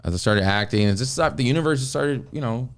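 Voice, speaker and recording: An American comedian appears as a guest on a casual podcast, telling stories in a relaxed, rambling style packed with filler words. His medium-pitched voice moves fast and sounds clean, with no room sound.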